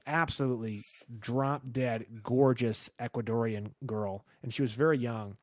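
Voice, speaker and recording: A man's voice: mid-range voice, unhurried, no echo, clean studio sound. A man hosting a podcast, telling wild workplace stories in casual, profane chat. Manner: profane, animated storyteller. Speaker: podcast host.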